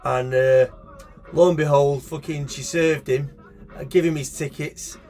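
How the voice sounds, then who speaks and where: A man's voice: fairly high pitch, unhurried. Mancunian man telling a sweary anecdote. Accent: Manchester English. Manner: swears freely, animated, acts out voices in the anecdote. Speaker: shop owner telling a story. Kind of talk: casual storytelling.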